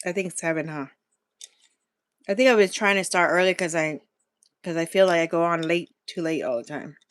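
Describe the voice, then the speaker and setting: A woman's voice: lowish voice, moderate pace, dry recording. A woman hosting a casual live-stream chat for her food channel, rambling and laughing often as she talks straight to her viewers while sipping coffee.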